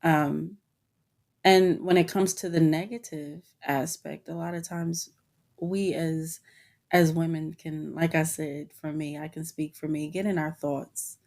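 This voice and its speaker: Low gravelly woman, candid chat. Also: flat delivery, a little slow, darkish tone. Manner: candid, informal, addresses listeners as y'all, many restarts. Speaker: podcast host. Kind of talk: personal reflective monologue.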